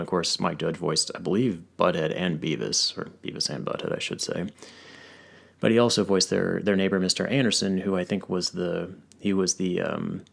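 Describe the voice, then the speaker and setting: A man's voice: low-pitched, creaky. A male podcast host chatting casually, rambling through long stories with lots of fillers and restarts. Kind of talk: casual chat.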